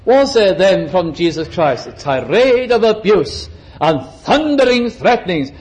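A fairly high-pitched man preaching a sermon. He gives his delivery plenty of drama, slowing down and speeding up for emphasis. When he quotes scripture or acts out a figure in the story, he changes his voice to play the part. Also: big pitch swings, darkish tone, poor audio.

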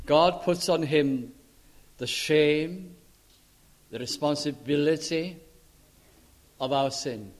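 A man with a notably high voice delivers a sermon. He talks earnestly and emphatically, drawing out the words he stresses. Then his voice sinks low and quiet at the close of each thought. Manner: earnest, emphatic, drawn-out stresses, voice drops low and soft at phrase ends. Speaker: preacher.

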